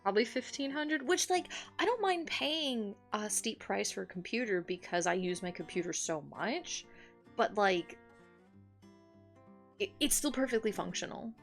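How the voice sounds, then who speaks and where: A woman talks loosely to her stream viewers from home, filling her sentences with "like" and breaking into laughs. Her voice sits in a middle range with a gravelly fry at the ends of phrases. Soft guitar music plays faintly underneath. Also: medium pitch, expressive, normal speed. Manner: chatty, rambling with many "like"s, laughs often. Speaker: art streamer. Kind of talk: casual stream chat.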